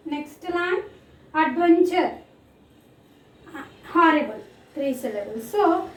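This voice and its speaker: Woman teacher, Indian English accent, high voice, slow drilling delivery, roomy echo from a distant mic. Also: darkish tone. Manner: slow, clear drilling of words, repeating each one. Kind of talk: recorded online class lesson.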